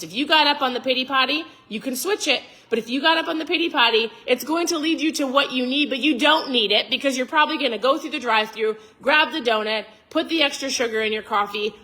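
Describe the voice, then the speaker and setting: Fired-up woman with a bright voice. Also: on the high side. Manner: fired up, almost yelling; emphatic, preachy. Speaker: vlogger. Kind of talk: motivational talk to camera.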